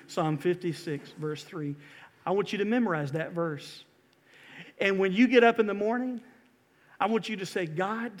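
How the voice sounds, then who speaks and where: Male pastor, high voice, fervent sermon delivery, hall reverb. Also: normal speed. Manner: impassioned, rising to loud exhortation and dropping to hushed pleas.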